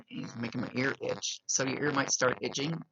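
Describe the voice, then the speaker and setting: A woman's voice: rumbling low, moderate pace, fairly bright tone. A woman psychic medium with a slight lisp, giving an earnest, reassuring reading and repeating key phrases. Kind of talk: giving a spoken reading to a client. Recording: dull lo-fi recording.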